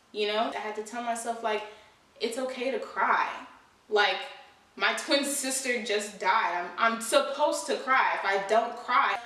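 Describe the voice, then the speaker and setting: A woman's voice: medium pitch, a bit bright, far from the mic. Earnest young woman in a very echoey room. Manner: earnest, conversational, full of "you know" and "like". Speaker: vlogger. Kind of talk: candid personal vlog. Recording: very echoey room, voice away from mic.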